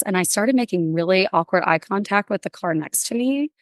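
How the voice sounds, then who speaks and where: A woman, a counselor and podcast guest, telling lively stories in a casual interview and acting out what she and others said. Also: on the low side, brisk, no room sound. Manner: animated storyteller, acts out quotes.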